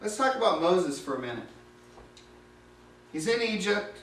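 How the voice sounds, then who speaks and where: High-voiced man retelling Bible stories. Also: very animated, normal speed, a bit bright, a little hiss or hum. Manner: conversational, vivid retelling. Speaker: lay preacher. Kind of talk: dramatic Bible storytelling. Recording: roomy, distant mic.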